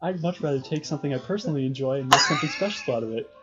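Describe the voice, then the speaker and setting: A man voicing a poised, sweet teenage schoolgirl who runs a school club, in a lively sing-song delivery. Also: medium pitch, racing, highs cut off, very noisy, lightly acted. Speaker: player voicing a visual novel.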